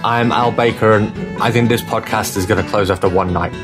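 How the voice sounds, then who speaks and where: A man's voice: fairly low pitch, fairly even intonation, brisk, over music. A man co-hosting a panel podcast, dry joking and thoughtful questions. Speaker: podcast co-host. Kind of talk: casual panel chat.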